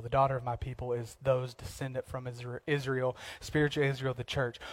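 A man preaching a sermon as pastor, moving between hushed, low passages and emphatic, repeated declarations. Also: flat delivery, fairly quick, few pauses.

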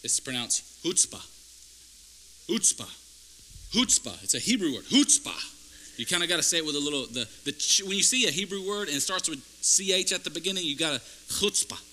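A man's voice: on the high side, quick pace, hardly any pauses, sharp tone, slight background noise, poor audio. A man preaching a sermon to a church congregation, conversational at first and building to fervent, emphatic peaks. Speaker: pastor.

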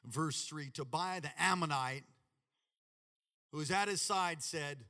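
A man preaching a sermon with animated, dramatic delivery and sudden shouts. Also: a little high, slow, pauses often, in a large hall. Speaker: pastor.

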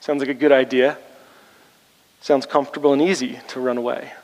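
A man's voice: flat delivery, a little fast, darkish tone, long reverb tail, low-quality recording. A man pastor preaching a sermon, turning rallying and emphatic as he challenges the congregation. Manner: rallying, rising in pitch and force when challenging the congregation.

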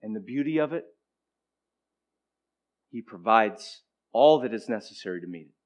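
A man preaching a sermon, moving between emphatic declarations and hushed, conversational asides to the congregation. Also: on the low side, lively intonation, normal speed. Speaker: pastor.

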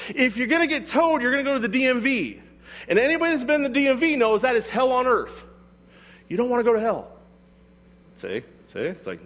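Lively high-voiced male preacher. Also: big-room sound. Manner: conversational, emphatic, rhetorical questions. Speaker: pastor. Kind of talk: sermon.

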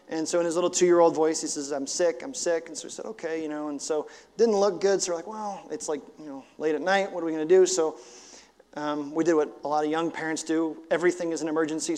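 Pastor preaching in a reverberant hall. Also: male voice, on the high side, a little mellow. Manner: earnest storytelling with rhetorical questions, casual fillers. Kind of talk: sermon. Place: church sanctuary. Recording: long church hall reverb.

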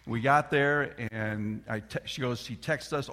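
Middle-aged guy preaching, bright sharp voice, lots of hall reverb, tells stories and quizzes the crowd. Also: mid-range voice, unhurried, hardly any pauses. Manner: animated storyteller who addresses the congregation. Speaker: pastor. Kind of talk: sermon. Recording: long reverb of a large hall.

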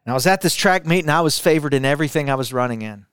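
A man's voice: a little high, animated, racing, clear, resonant tone, dry recording, studio quality. Intense man telling a personal testimony. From Arkansas, US. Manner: intense, builds with repetition, drops quiet for emphasis. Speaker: speaker sharing a personal testimony. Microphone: camera, speaking to it.

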